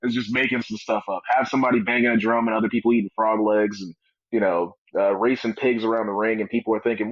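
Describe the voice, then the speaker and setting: A man with a fairly low voice chats casually as an interview guest, spinning jokes and animated stories. The sound is dry and close, with a dull, slightly muffled quality. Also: fast, no room sound. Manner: joking, animated storytelling with comic voices. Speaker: wrestler guest.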